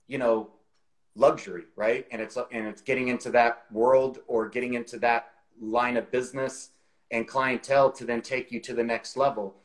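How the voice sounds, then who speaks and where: A man's voice: medium pitch, rough recording. A man in his forties, the guest, telling a career story in a chatty way over a video call, with lots of "you know" fillers.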